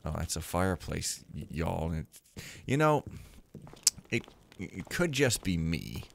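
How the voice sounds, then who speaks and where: Young man, gameplay commentary, sarcastic and rambling, deadpan humor, fairly low voice. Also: unhurried, vocal fry, a little hiss or hum. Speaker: let's play gamer.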